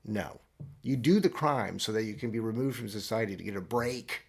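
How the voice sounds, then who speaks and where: Podcast host, thirties, deadpan and sarcastic, restarts a lot, lowish voice. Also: male voice, moderate pace, creaky, slightly rough. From Florida. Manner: rambling with restarts, mock-earnest. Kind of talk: solo comedic monologue. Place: traveling abroad, recording alone.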